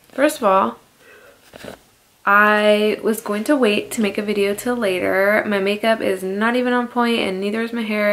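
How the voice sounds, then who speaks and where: A young woman vlogging a heated, profane rant straight to her camera at home, full of "like" fillers. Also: mid-range voice. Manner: heated, swearing, filler-heavy "like".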